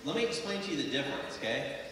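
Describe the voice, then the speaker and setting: A man's voice: a little high, big pitch swings, racing, very noisy. An American man giving a motivational sales speech on stage, emphatic and repetitive as he rallies the audience. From United States. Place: large conference hall. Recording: echoey hall from far off.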